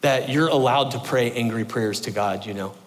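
A man's voice: medium pitch, moderate pace. Man preaching casually in a reverberant church. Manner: casual, conversational preaching with frequent fillers and restarts. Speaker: pastor. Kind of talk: sermon. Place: church sanctuary. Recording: long reverb in a church hall.

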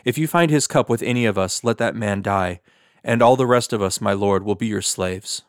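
A man's voice: fairly low pitch, moderate pace, dry recording, lightly acted. Frightened brothers protest their innocence together, read by one man. The delivery is earnest and urgent. The sound is dry and close.

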